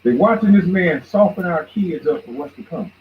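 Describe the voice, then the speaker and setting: Animated ranting man on a lo-fi mic. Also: sits high, moderate pace, a little hiss or hum. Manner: heated, mocking, swings between shouts and mutters. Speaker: podcast host. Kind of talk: profane ranting commentary. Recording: dull lo-fi recording.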